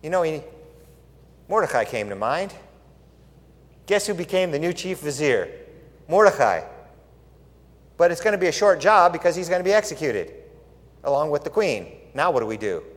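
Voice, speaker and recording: A man preaches a story with a lively, wide-ranging voice, slightly high for a man. He talks casually and keeps putting questions to his listeners. His voice carries a long reverb from a large hall. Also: normal speed, long pauses. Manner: animated, conversational, asks the audience questions. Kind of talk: sermon storytelling. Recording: echoey hall.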